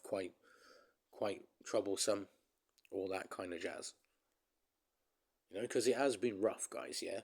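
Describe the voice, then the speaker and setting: A man vents in a casual vlog, talking straight to his viewers with a rambling, emphatic flow. His voice sits a little low, and he keeps calling his audience guys as he restarts his thoughts. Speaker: vlogger.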